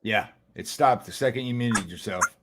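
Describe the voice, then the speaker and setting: A man's voice: fairly low pitch, normal speed, noisy background. A man joining a livestream chat, friendly and laid back, calling others brother. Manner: friendly, calls people brother. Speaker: guest on a livestream. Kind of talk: casual chat.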